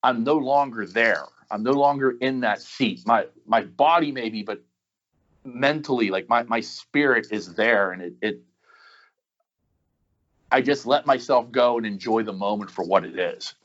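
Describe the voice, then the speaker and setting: A man's voice: medium pitch, measured pace, a bit bright. Rambling man with a dull lo-fi sound. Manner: rambling and enthusiastic, many restarts. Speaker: podcast guest. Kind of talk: casual chat.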